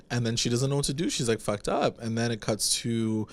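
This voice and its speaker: A man co-hosting a casual podcast, with a voice of middling pitch. He recaps a TV episode in animated chat, slipping into the characters' lines as he goes. His talk is loose and full of fillers. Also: brisk, no echo. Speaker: podcast co-host.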